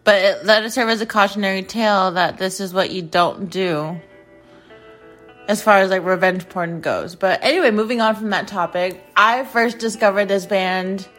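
A woman's voice: medium pitch, normal speed, a bit bright, soft background music. Gushing, rambling woman podcaster. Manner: gushing, rambling, laughs often. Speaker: podcast host. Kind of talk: casual fan chat.

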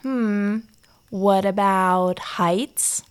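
An actress voicing an adoring young girlfriend, speaking softly and tenderly. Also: a little high, slow pace. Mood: teasing. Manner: soft, tender, gently teasing. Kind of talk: audio drama acting.

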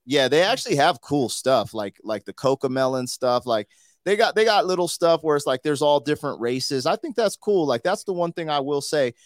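Fairly high-pitched and animated, this podcast host talks fairly quickly in a clean studio recording with no room sound. He keeps the conversation casual and slangy, peppering it with "like" and "you know."

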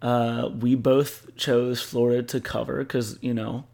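A man's voice: medium pitch, level tone, unhurried, vocal fry, a little mellow. A young man co-hosting a podcast, chatting casually about football in a laid-back, teasing way. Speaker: podcast co-host. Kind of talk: casual sports chat.

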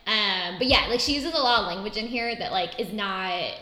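A woman's voice: mid-range voice, a little fast. A young adult woman co-hosting a podcast, chatting casually about a book and laughing often. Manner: giggly, animated, laughs often. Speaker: podcast co-host. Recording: echoey room.

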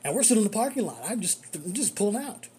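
Telling a tale from one of his rideshare shifts, this man keeps things relaxed and lively, laughing frequently as he goes. He speaks quickly in a high, breathy voice with a warm, mellow quality.

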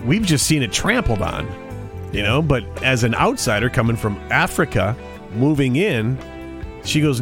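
Man, average pitch, casual podcast talk, rambling restarts, soft music behind. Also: big pitch swings, moderate pace. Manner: rambling, conversational storytelling with frequent restarts. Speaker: podcast co-host.

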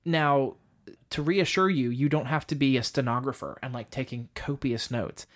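A man's voice: mid-range voice, moderate pace. A man teaching a communication method on a podcast, explaining step by step with a bit of self-deprecating humor.

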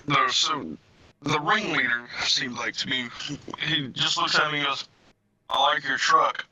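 A young man co-hosting a casual podcast, telling a story bluntly and deadpan with plenty of swearing. His voice is very bright and sharp and sits a little high. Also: a little slow, slight background noise, poor audio. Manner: blunt, profane, deadpan delivery. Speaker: podcast co-host.

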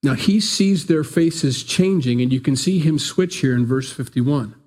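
A man preaching a conversational sermon into a microphone in a small church room, animated and acting out different voices. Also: fairly high pitch, measured pace. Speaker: pastor. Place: church room, not big. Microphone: pulpit microphone.

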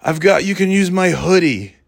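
A man doing a high eager drunk guy. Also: moderate pace, gravelly, no echo, clean studio sound. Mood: apologetic. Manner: overly apologetic, eager. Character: friendly apologetic drunk man at a game.

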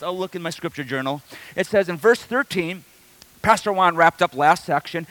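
A man's voice: high voice, normal speed, a bit bright, no room sound. A middle-aged male pastor from the Detroit area, preaching a sermon through a humorous personal story. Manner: storytelling, self-deprecating humor, builds to preaching.

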